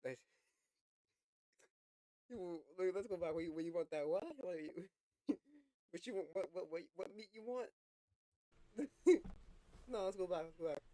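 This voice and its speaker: A man's voice: high voice, normal speed, long pauses, dark tone, dry recording. A young man hosting a reaction video, talking casually, laughing a lot, swearing freely and repeating lines back.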